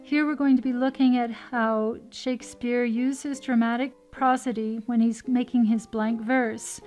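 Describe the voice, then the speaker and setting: A woman's voice: a little high, steady tone, a little mellow, faint music behind. A woman teaching a recorded lesson on verse meter, explaining carefully and tapping out stressed and unstressed syllables. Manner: measured, explanatory, reads verse lines slowly with stress.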